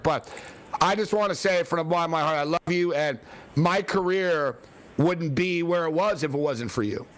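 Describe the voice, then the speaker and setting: A man's voice: a little high, a bit bright. A man hosting a sports talk radio show, emotional and rambling, repeating himself.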